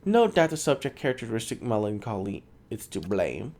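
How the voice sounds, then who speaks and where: A man voicing an eager, fussy woman scholar who studies souls, in a raised, excited voice. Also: moderate pace. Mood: clinical. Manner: excited, clinical, high-pitched.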